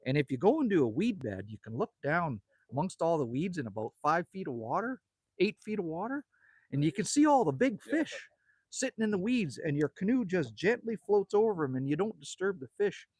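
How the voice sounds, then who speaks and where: Outdoors by a country cabin as the sun sets, this livestream host, a man in his 50s, chats in a relaxed, friendly ramble while going through viewer comments. He speaks fairly fast in a high, husky, slightly mellow voice with big pitch swings, and there's no echo.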